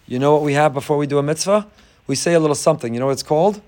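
A middle-aged rabbi gives a Torah class, telling stories with animation and leaping high in pitch when he acts out other people. He talks very fast, with a slightly mellow quality.

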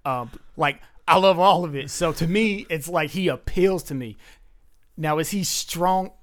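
Man, slightly high voice, podcast co-host, emphatic, opinionated. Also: measured pace, fairly bright tone. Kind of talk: casual chat.

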